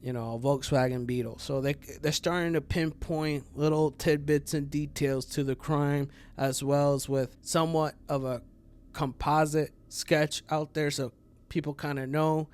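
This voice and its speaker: A true crime channel host talks casually, rambling, swearing, packing in fillers and laughing at his own jokes. His voice is a little high, smooth and darkish, with fairly even intonation and an unhurried pace.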